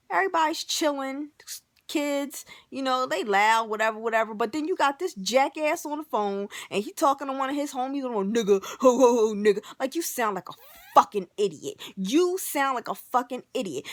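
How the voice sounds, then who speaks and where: Woman vlogger, high voice, dry close sound; fiery profane rant to camera. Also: dry recording. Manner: animated, emphatic, profane, keeps saying "like". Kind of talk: ranting to camera.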